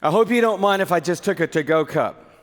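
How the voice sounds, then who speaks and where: A man playing a busy, self-absorbed man who gushes over a meal and rushes off, with a long hall reverb behind him. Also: high voice, expressive. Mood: distracted. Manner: gushing, hurried, self-absorbed. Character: busy, distracted man rushing a meal, showing off.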